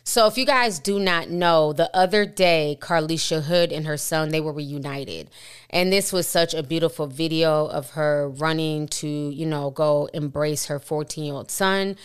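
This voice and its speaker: Woman, vlog host, commentary, low voice, smooth tone, talks to the viewers. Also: measured pace. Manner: conversational, addresses viewers directly.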